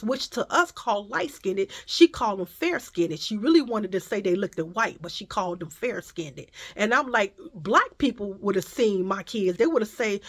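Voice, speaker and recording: A woman retelling a personal story in a blunt, profane and animated way. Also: medium pitch, normal speed, hardly any pauses. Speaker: vlogger telling a story. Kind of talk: casual storytime.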